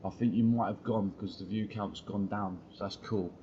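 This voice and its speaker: A man's voice: lowish voice, steady tone, moderate pace, highs cut off, slight background noise. A man, talking on a live stream in a blunt, slangy way and swearing freely. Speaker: football fan streamer.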